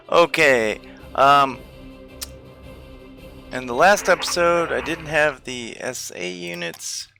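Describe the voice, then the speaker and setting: A man casually commentating a strategy game, thinking aloud slowly with frequent hesitations. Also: medium pitch, bright, forceful tone, faint music behind. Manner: slow, hesitant, thinking aloud with many fillers. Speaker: gameplay commentator. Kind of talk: casual let's-play commentary.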